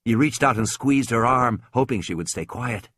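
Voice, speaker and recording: Man narrating with lively, tense expression. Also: mid-range voice, normal speed, breathy edge. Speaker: audiobook narrator. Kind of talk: dramatic audiobook narration.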